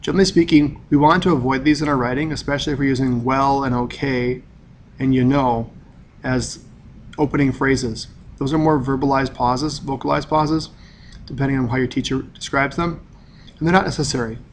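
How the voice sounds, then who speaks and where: A man teaching a recorded grammar lesson at a middle pitch. He lays out each point in a plain, methodical order, like a classroom explanation. Faint background noise runs under his voice. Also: steady tone, fairly quick.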